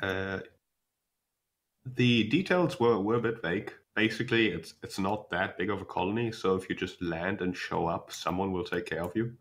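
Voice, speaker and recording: A young man narrating as game master, explaining calmly with many fillers and restarts. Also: low-pitched, normal speed.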